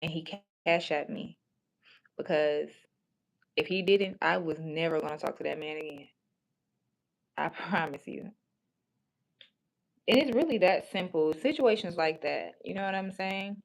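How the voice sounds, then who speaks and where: A woman's voice: lowish voice, unhurried, creaky, pauses often. Blunt, foul-mouthed woman streamer. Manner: blunt, profane and frank; rambling with many restarts. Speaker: livestream host. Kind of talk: casual chat on a livestream.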